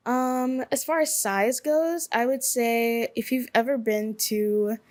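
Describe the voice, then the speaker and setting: Young woman from Alabama, solo podcast host; slightly high voice, loose and rambling delivery with frequent self-corrections, easygoing and chatty. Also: slow. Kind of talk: casual solo podcast monologue.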